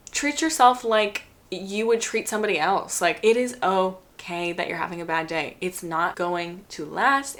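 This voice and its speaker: A woman's voice: mid-range voice, fairly bright tone. A young woman chatting casually while coloring, answering viewer questions with earnest, encouraging advice and repeating phrases for emphasis. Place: hot room at home.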